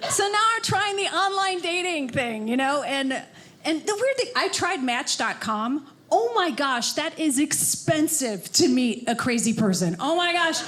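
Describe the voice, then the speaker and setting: A woman performing a stand-up comedy set on a club stage, working the crowd with animated, loud outbursts. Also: high voice, unhurried.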